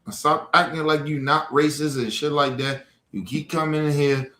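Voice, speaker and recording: In an echoey room, a man hosting a livestream lashes out at chat trolls in a heated tirade full of profanity. He talks at normal speed, his fairly high voice holding a steady yet sharp tone.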